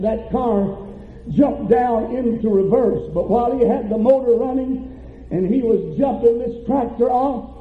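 Pastor, male, high voice, slow fervent sermon, tinny echoing church recording. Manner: preaching with rising fervor and drawn-out emphasis. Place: church sanctuary. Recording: echoey church, tinny phone-like audio.

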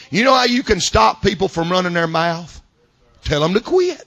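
Pastor, male; high bright voice, dry close sound; folksy sermon with shouted peaks and soft asides. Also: animated, moderate pace, no echo. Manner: folksy preaching, swings from loud shouted climaxes to quiet asides. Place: church service.

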